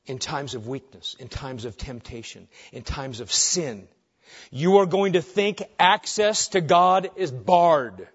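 A man's voice: fairly high pitch, lively intonation, slow pace, slightly rough. A man preaching a sermon as pastor, earnest and driving his point home with short repeated phrases. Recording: dull lo-fi recording.

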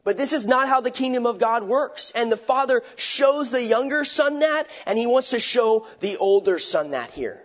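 High-voiced man preaching a sermon. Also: expressive, moderate pace, few pauses. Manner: conversational, asks rhetorical questions, restarts phrases. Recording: dull lo-fi recording.

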